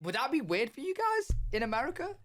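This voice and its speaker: A man's voice: extremely high pitch, huge pitch swings, fast talker, a bit bright. Laid-back British man reacting casually. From United Kingdom. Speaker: reaction video creator.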